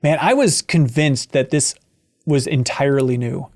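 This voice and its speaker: A man's voice: mid-range voice, unhurried. A man hosting a casual game podcast, reading listener messages aloud and joking around. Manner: joking, animated. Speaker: podcast host.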